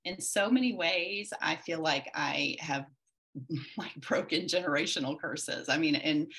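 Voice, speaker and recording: A woman's voice: low voice, a little slow, a bit bright. A woman in her forties, a podcast guest, telling a personal story candidly and reflectively, with many restarts.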